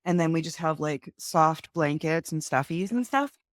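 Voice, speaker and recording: A young woman with a low voice talks over a video call as an interview guest. She explains things earnestly and acts out how she talks with her children. The sound is dry and close. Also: animated, normal speed, no echo. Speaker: guest, mother of two. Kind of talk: casual interview.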